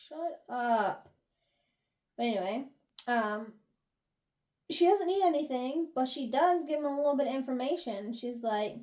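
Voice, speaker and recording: Woman podcast co-host, high bright voice, chatty, animated recap of a novel. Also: a little slow. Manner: animated recapping, swears and laughs. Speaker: book review podcast co-host. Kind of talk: casual chat.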